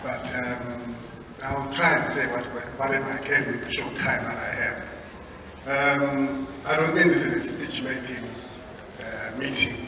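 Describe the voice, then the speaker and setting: A man's voice: mid-range voice, steady tone, a little slow. Impassioned man speaking in an echoey hall. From Zimbabwe. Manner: earnest and impassioned, with hesitations. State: emotional. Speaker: guest speaker. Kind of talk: public meeting speech. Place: large civic hall. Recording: echoey hall, voice from far off, audible noise.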